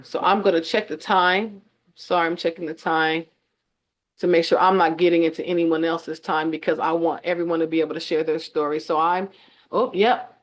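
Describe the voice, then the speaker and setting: A woman hosting an online event, telling her own story with deep feeling and close to tears, speaking straight to her audience over a video call. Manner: tearful, heartfelt, speaks directly to the audience. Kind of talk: emotional testimony on a video call.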